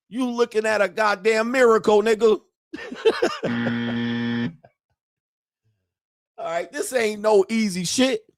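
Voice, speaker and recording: A middle-aged man rants as the host of his own online show, crude and full of swagger. His voice sits high for a man and sounds dry, with no room around it. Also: no echo. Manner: brash, profane and boastful, laughs at his own jokes. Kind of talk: ranting commentary.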